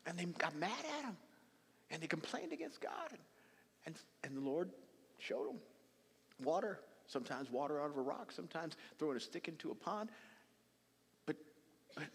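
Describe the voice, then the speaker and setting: A man preaching a sermon as a bishop, telling the story dramatically, acting out quoted voices and dropping from loud passages to hushed ones. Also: fairly high pitch, big pitch swings, moderate pace, long pauses, husky. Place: large hall used for church services. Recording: long reverb of a large hall.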